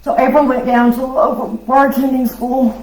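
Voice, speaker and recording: A woman, giving a loud, lively personal testimony at a women's conference. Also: high-pitched, moderate pace. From South Louisiana. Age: 60s. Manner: loud, lively storytelling with laughs and acted-out voices. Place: church hall. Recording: echoey hall with faint noise.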